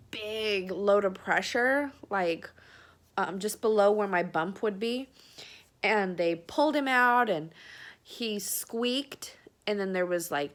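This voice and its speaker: A woman's voice: mid-range voice, fairly bright tone. A young woman tells a personal story to the camera, close to tears and full of fillers. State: tearful. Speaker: vlogger.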